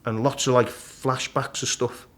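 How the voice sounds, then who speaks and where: A middle-aged man, a guest in a casual interview, vividly retelling his climb and acting out the shouts and thoughts along the way. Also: medium pitch, a little slow. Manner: animated storyteller, acts out his own shouts and thoughts. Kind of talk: storytelling in casual conversation.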